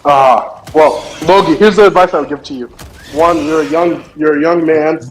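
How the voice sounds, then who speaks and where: A man's voice: fairly high pitch, moderate pace. A young man streaming, telling a funny story in casual chat and laughing often. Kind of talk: casual storytelling while gaming.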